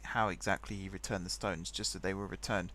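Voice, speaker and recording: A man's voice: sits low, steady tone, brisk, bright, forceful tone, slight background noise. A young man hosting a game let's play, rambling chattily and thinking aloud as he types. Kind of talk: casual gameplay commentary.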